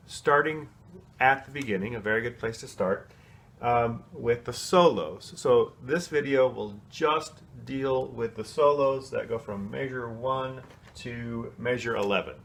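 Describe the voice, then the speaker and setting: A music teacher, a man, works with a children's choir on their solos, casual and explanatory, breaking into short sung snippets to demonstrate. He has a mid-range, gravelly voice and an unhurried delivery.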